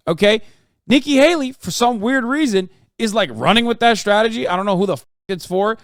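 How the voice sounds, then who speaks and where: A man's voice: sits high, lively intonation, a little fast, fairly bright tone, no room sound, studio quality. A man in his thirties streaming casual, profane commentary on a political debate, sarcastic and mocking. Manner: sarcastic, swears a lot, mocks in put-on voices.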